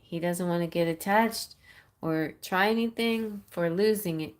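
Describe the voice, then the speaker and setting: A woman's voice: lowish voice, unhurried. A woman giving tarot readings on a live stream, reading messages aloud in a playful, giggly way. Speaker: tarot reader.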